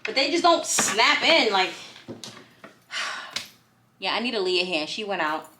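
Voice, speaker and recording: In an echoey home room with faint noise, a female vlogger assembles furniture and keeps talking to the camera. Her mid-range voice is very animated yet slow, and she comes across as talkative and fed up, addressing everyone as "y'all."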